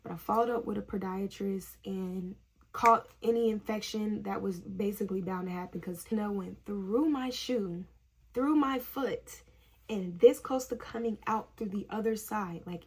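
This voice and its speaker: Young woman vlogger, gravelly and a bit husky, casual story-time chat, laughs often, lots of "like". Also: medium pitch, normal speed, a little mellow. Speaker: vlogger, nursing student.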